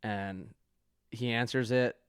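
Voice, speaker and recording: A man's voice: mid-range voice, fairly even intonation, takes it slowly, smooth, no echo, clean studio sound. A man casually telling a long prank story on a podcast, acting out the texts and calls he quotes. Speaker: podcast guest.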